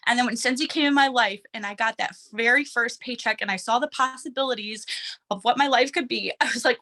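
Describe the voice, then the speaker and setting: A woman's voice: a little high, brisk, bright, forceful tone. A woman in her thirties giving an emotional, earnest motivational talk to her team from a room at home. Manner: emotional and earnest, with restarts and small laughs.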